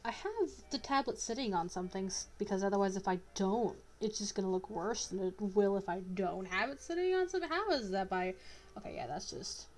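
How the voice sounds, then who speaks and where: A woman's voice: mid-range voice, brisk. A young woman chatting casually to herself and her viewers while drawing live, rambling and joking as she greets chat. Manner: rambling, self-talking, jokey, greets chat. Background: faint background music.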